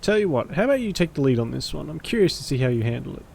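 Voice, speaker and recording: A man voicing a gravelly hard-boiled vampire detective. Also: a little high, very animated, rapid-fire, darkish tone, a little hiss or hum. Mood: gruff. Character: gruff streetwise male vampire detective, cynical. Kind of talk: visual novel voice acting.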